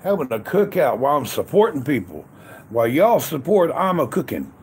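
At a cold outdoor grill, a man runs a casual livestream, greeting chatters by name repeatedly with upbeat, recurring catchphrases. His medium-pitched voice is sing-song and brisk, and there's slight background noise.

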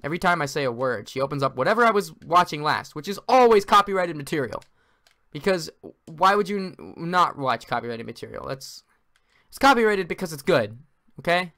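A man doing let's-play commentary, frantic and exasperated, ranting and yelling at the game as he plays. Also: on the high side, expressive, a little fast. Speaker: gaming video creator.

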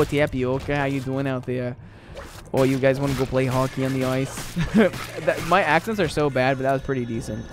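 Chatty young male gaming streamer. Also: a little high. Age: 20s. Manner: chatty, reads and answers chat while playing. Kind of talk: casual live stream commentary.

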